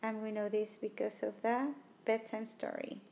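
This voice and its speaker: A woman's voice: mid-range voice, little pitch movement, normal speed, vocal fry, warm tone, a little hiss or hum. A woman teacher talking through test questions, reasoning aloud about each answer choice and ruling them out one by one. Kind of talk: test-prep walkthrough lesson. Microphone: tablet microphone.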